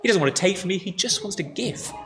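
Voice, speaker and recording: A man's voice: high-pitched, lively intonation, fast, a bit bright. A man preaching a sermon and leading a closing prayer, earnest and driving points home with emphatic repetition. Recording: echoey hall with faint noise.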